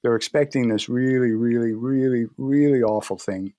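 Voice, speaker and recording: A man guest in a conversational interview, telling stories in a relaxed way and acting out his patients' lines. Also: mid-range voice, normal speed, no room sound. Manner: relaxed storytelling, acts out patient dialogue. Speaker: guest practitioner.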